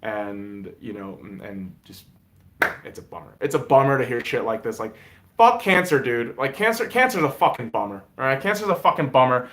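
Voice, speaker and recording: A man hosting a podcast, ranting casually about football with lots of swearing, dropping into mumbled asides and jumping to loud outbursts. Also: medium pitch, moderate pace. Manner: profane, swings between mumbling asides and loud excited outbursts. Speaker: podcast host. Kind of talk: casual sports rant.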